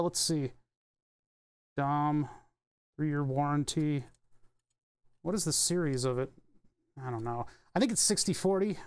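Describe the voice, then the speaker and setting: A man's voice: on the high side, darkish tone, clear, resonant tone. A man chatting casually on a live stream while soldering at his electronics bench, rambling and thinking aloud with offhand swearing. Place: home electronics workbench.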